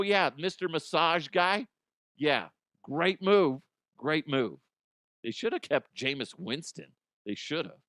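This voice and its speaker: A man's voice: mid-range voice, a bit bright, smooth, no room sound. Guy hosting a podcast, rambly and sweary, laughs at his own stories, dry sound. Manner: rambling, profane, often laughing at himself. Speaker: podcast host. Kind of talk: casual comedic chat.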